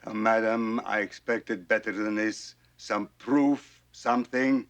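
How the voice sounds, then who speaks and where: An actor playing a guarded Soviet official, curt and suspicious in manner. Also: male voice, lowish voice, fairly even intonation, takes it slowly. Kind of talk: 1980s TV drama acting.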